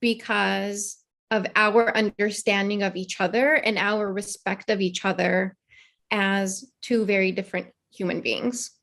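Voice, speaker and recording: A woman's voice: mid-range voice, little pitch movement, measured pace, gravelly, fairly bright tone. A woman in her thirties, a therapist and mother, talking earnestly and reflectively as a guest in a conversational interview. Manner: earnest, reflective, acts out children's voices in quotes.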